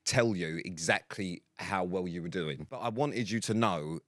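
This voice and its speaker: A man's voice: deep voice, moderate pace, a bit bright, no room sound, studio quality. A man co-hosting a podcast in casual chat, speaking in an earnest, supportive way with blunt swearing. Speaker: podcast co-host. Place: podcast studio.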